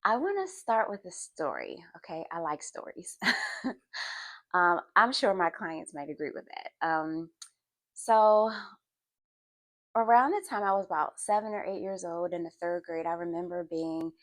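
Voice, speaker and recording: Female podcast host from Philadelphia, low voice, dry sound, animated storyteller turning earnest. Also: a little slow, no echo. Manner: earnest, reflective. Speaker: therapist and faith podcast host. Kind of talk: personal storytelling with faith reflection.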